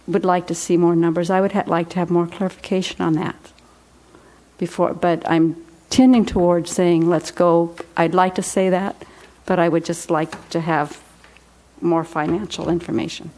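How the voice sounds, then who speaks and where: Woman, board member, somewhat low voice, halting and unsure, frequent restarts. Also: little pitch movement, darkish tone. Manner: hesitant, halting, many restarts. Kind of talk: comments at a public meeting.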